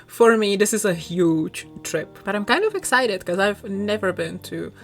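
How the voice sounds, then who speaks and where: A woman's voice: medium pitch, moderate pace. A young woman from southern Bohemia with a Czech accent, chatting in a rambling, self-conscious way with frequent small laughs as she talks over her build video. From southern Bohemia, Czech Republic. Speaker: YouTuber. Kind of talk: rambling casual chat over a speedbuild. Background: soft background music.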